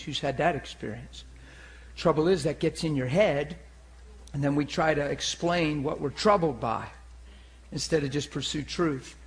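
A male pastor preaching with animated energy, acting out little voices and sound effects as he teaches. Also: on the high side. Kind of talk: sermon.

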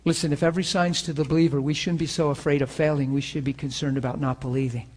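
An earnest male pastor talks to students the way you would talk to friends, moving between personal stories and a closing prayer. His speaking voice sits a little higher than most men's. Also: flat delivery, fast. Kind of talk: informal sermon ending in a prayer. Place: room with students present, also streamed online.

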